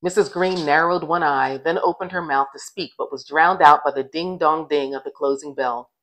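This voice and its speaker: A woman's voice: low-pitched, moderate pace, rough recording. Woman reading a children's story aloud. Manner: gentle, expressive reading with voiced dialogue. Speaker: author reading her own novel. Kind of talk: storybook narration.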